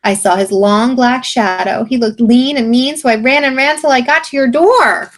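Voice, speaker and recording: A woman's voice: a little high, normal speed, lightly acted. A woman voicing a small frightened young billy goat with a bleating whimper. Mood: scared.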